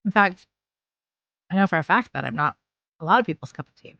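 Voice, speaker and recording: A woman's voice: on the low side, lively intonation, brisk, creaky, pauses often, dry recording, highs cut off. A woman live streamer chatting casually with her viewers, frank and chatty, swearing freely and using lots of filler words.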